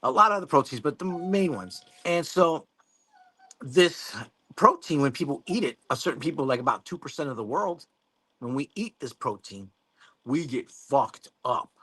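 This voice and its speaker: A man's voice: on the high side, animated, moderate pace, sharp tone, slightly rough. Rambling man chatting on a livestream. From Mexico. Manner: rambling, swears casually, laughs often. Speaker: livestream host. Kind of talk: casual livestream chat reading viewer comments.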